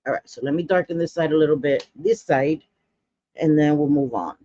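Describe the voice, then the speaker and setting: A woman's voice: low voice, fairly quick, mellow, no room sound. Forties woman vlogger, blunt gossipy chatter, dry, slightly dull home recording. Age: 40s. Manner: blunt, gossipy, dramatic asides. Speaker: makeup vlogger. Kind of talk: casual chatty makeup tutorial.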